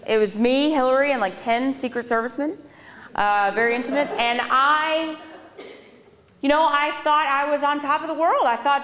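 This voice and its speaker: Woman in her thirties, public speaker, higher voice, dry sarcastic asides, echoey hall. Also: moderate pace, fairly bright tone. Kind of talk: personal testimony talk to a live audience. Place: lecture hall on a speaking tour. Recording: reverberant hall sound.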